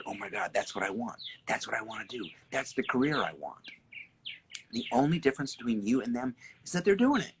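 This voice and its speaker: A man hosting a casual live stream outdoors, reading viewer comments, greeting people by name and talking in an animated, repetitive way with some swearing. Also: fairly low pitch, a little hiss or hum. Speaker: artist and creative coach hosting a live stream. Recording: birds chirping clearly in the background.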